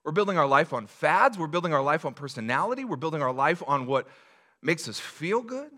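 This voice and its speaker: A man's voice: a little high, lively intonation, fast, bright, forceful tone. A man preaching a sermon to his congregation, in a conversational style with rhetorical questions and frequent restarts. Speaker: pastor.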